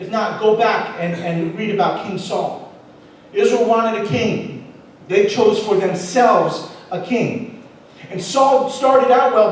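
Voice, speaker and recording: A male pastor preaching a sermon, telling a personal story with animated swings between loud emphasis and quiet asides. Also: sits high, a little hiss or hum. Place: church auditorium. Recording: echoey hall, mic at a distance.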